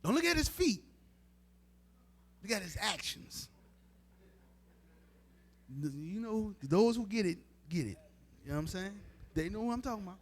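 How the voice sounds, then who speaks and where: High-voiced man preaching emphatically. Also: big pitch swings, moderate pace, pauses often. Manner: informal, emphatic, talks straight to the crowd. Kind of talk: street-style sermon teaching.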